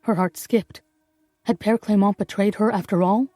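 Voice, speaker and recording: A woman reading a novel aloud as audiobook narrator, in measured storytelling. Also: mid-range voice, steady tone, dark tone, no room sound, clean studio sound. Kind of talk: scripted narration.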